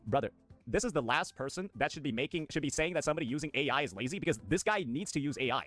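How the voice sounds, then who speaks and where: A man with a high, very animated voice, firing off exasperated, profane rants at breakneck speed. The sound is dry and close, with no room around it. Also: faint music behind. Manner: rapid, exasperated, profane ranting. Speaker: streamer reacting to a video. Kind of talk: casual reaction commentary.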